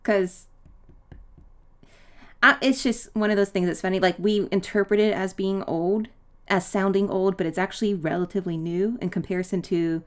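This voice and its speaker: A woman's voice: fairly low pitch, a little mellow. A woman chatting casually as she plays a video game, rambling into side tangents and apologizing for them. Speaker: let's play gamer. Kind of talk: casual gameplay commentary.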